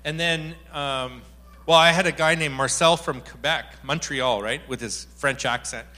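A male preacher delivers a sermon with a lively, joking energy. His voice is fairly high and bright, and he often acts out the lines he quotes. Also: a little slow. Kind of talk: sermon with storytelling.

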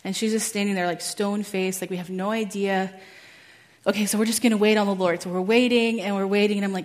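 A woman's voice: mid-range voice, steady tone, fast talker. Chatty young woman. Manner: chatty, many "like"s, laughs at herself. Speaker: speaker at a church teaching. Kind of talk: personal testimony talk.

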